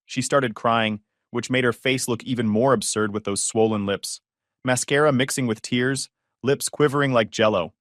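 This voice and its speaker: A man's voice: medium pitch, fairly even intonation, moderate pace, no room sound, studio quality. A man narrating a scripted first-person story in a wry, scornful way.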